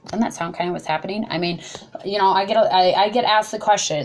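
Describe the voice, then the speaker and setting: A young woman giving an impassioned speech, her voice rising and growing loud when upset, often tripping over words and apologizing. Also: mid-range voice, brisk. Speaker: speaker at a protest talk.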